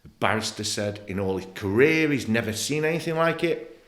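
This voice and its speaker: He's animated and fairly quick, with a mid-range voice and a fairly bright tone: a middle-aged former footballer from England on a podcast. His personal story comes out blunt, emotional and full of swearing, recorded in a studio with a roomy sound.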